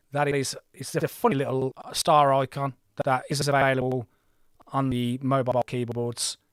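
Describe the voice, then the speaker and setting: A man in his forties talks through a game on his livestream, chatty and rambling, often poking fun at himself. His voice sits at an ordinary middle pitch and the recording is dry and close. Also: smooth, no room sound. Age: 40s. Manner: chatty, rambling, self-deprecating. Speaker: gaming livestream host. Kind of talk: casual livestream commentary.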